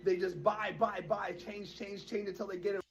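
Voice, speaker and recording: A man's voice: high-pitched, flat delivery, normal speed, dull audio, crowd noise. An American man giving earnest fan commentary on football, insistently listing his points.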